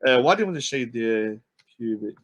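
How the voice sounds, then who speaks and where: A man hosting a live stream, ranting and mocking, swinging between shouts and low mutters. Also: animated, a little fast.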